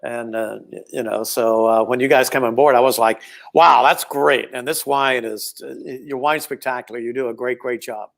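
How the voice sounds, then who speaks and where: A man's voice: medium pitch, fairly even intonation, moderate pace, creaky. A man hosting a casual chat, rambling and friendly, full of compliments. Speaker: podcast host.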